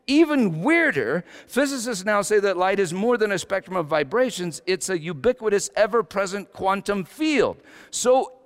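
A pastor preaching a sermon, swinging between loud exclamations and hushed asides. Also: male voice, high voice, animated, moderate pace, hardly any pauses. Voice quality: slight whistle on a false tooth. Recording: long echoing hall reverb.

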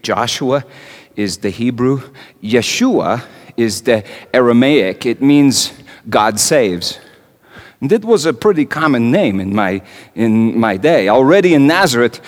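An actor playing a young carpenter in a dramatic stage monologue, talking in a conversational way with wry asides and stammered repeats. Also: male voice, mid-range voice, fairly bright tone. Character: Joseph the carpenter, young man, wry and anguished. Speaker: actor in a one-man monologue. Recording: long hall reverb.

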